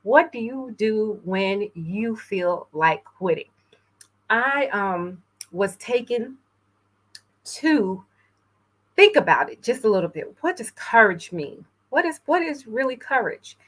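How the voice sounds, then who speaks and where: A woman from New York hosting an inspirational talk show, speaking earnestly and a little emotionally, with frequent pauses. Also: mid-range voice, lively intonation, fairly bright tone. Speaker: host.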